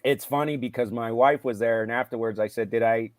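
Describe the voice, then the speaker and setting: A middle-aged man chatting on a live show about his coaching. He tells his stories in a relaxed, casual way and turns loud and animated when he acts out what he said on the field. His voice sits in an ordinary, mid-range pitch. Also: fairly quick, no room sound. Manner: animated retelling, loud when quoting himself. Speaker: high school football coach.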